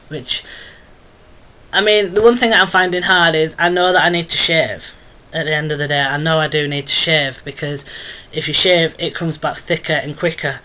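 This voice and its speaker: Bright-toned young man, rambling. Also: fairly high pitch. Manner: rambling, hesitant, many ums and restarts. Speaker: vlogger. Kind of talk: casual video diary update.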